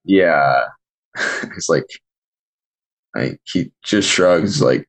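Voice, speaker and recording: A man's voice: extremely low pitch, expressive, extremely slow, fairly bright tone. A laid-back, hesitant man playing his character in a casual tabletop game over an online call. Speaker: player. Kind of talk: casual tabletop role-play.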